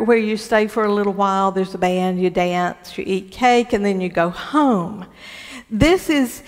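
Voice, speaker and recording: A woman pastor preaching a sermon in a church, speaking deliberately and often repeating words as she gathers her thoughts. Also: on the high side, long reverb tail.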